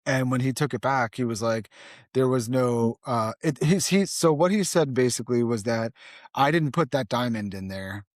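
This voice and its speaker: Middle-aged man telling a lively story. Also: mid-range voice, normal speed, no echo, studio quality. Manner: animated, acts out dialogue, peppers lines with "right?". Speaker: podcast guest. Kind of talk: casual storytelling in conversation.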